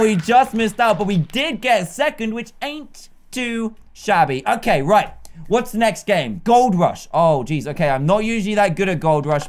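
A young British man giving excitable, chatty gameplay commentary as a YouTuber. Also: sits high, unhurried, slight background noise. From Britain. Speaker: gaming YouTuber.

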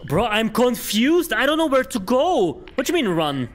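A man who is not a native English speaker, streaming a horror game with excitable, exclaiming commentary. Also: very high voice, moderate pace.

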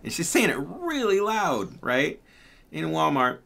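A man's voice: fairly high pitch, very animated, unhurried, gravelly, pushed and bright. A man telling a story casually, rambling and chatty, with lots of fillers and laughs. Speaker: pyrography channel host.

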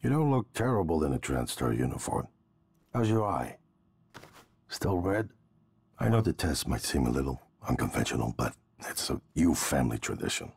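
A gravelly, confident brother. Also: male voice, extremely low pitch, very animated, darkish tone, dry recording, heavily acted. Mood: reassuring. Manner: brisk, reassuring. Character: confident brother, company executive.

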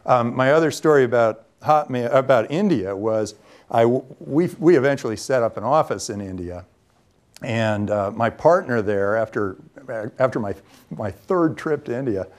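A man who is a venture capitalist, telling lively anecdotes in a talk to students, with frequent ums and restarts. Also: medium pitch, moderate pace. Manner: lively storyteller who acts out quoted dialogue.

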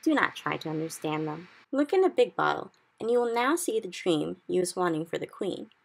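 A woman reading aloud gives voice to a big, kindly male giant from a storybook, talking in muddled grammar and made-up words. The voice sits low with a gravelly edge. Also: animated, a little fast, full character voice. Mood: gentle.

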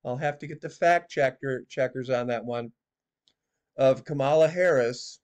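A man's voice: medium pitch, lively intonation, normal speed. A man giving casual critical commentary on a video, reading out claims and adding sarcastic, mocking asides.

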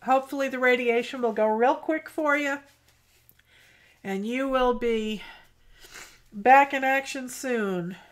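A woman hosting a casual art livestream, chatting softly and greeting viewers by name as she paints. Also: high voice, takes it slowly, long pauses.

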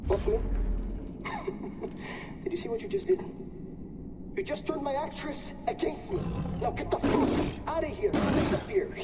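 An actor playing an unhinged, volatile male pirate warlord in a video game cutscene, mocking and menacing, swinging from soft coaxing to explosive shouting. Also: extremely high pitch, sing-song, a little slow, long pauses, full character voice. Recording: noisy game audio with roomy reverb.

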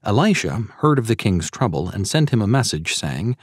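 A man's voice: on the low side, sing-song, normal speed, husky, no room sound, studio quality. A man narrating a sermon audiobook in an earnest, preaching tone and citing scripture verses.

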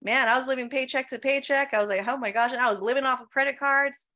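A Filipina pastor preaches during a church Q&A, her high voice quick, pushed and bright. She fires off emphatic rhetorical questions and keeps slipping in "right?" and "come on."

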